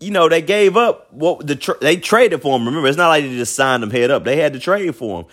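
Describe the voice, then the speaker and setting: A man's voice: a little high, expressive, a little fast, fairly bright tone. A man hosting a sports talk show, giving a blunt, opinionated basketball commentary monologue in a colloquial way, often repeating himself.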